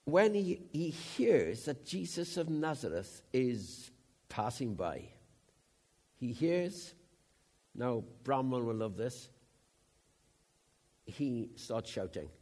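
A man, preaching a sermon in an animated, conversational storytelling way. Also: medium pitch, slow pace, pauses often. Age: 70s.

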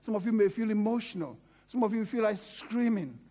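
A man's voice: high voice, animated, fairly quick, warm tone. A man preaching a sermon, fervent and exhorting, repeating phrases to drive points home. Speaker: pastor.

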